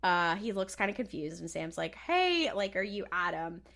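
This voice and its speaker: Animated woman recapping a show. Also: fairly low pitch, normal speed, creaky. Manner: animated, laughs often, acts out lines in flat mock voices. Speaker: podcast co-host. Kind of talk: casual chat recapping a TV episode.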